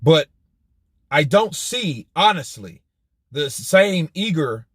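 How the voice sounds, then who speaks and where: Animated, profane boxing commentator. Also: male voice, fairly high pitch, slow, slightly rough, dry recording, clean studio sound. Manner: animated, profane, rhetorical questions. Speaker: boxing news channel host. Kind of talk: commentary vlog.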